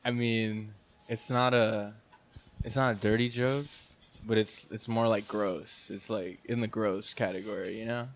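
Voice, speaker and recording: A male comedian in casual banter, halting and giggly as he tells a gross joke. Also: fairly low pitch, fairly even intonation. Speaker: comedian guest.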